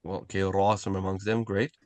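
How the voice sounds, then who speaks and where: Patient low-voiced man teaching Arabic sounds. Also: little pitch movement, a little mellow, no room sound. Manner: patient, corrects pronunciation slowly and repeats sounds. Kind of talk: online class teaching. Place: video call.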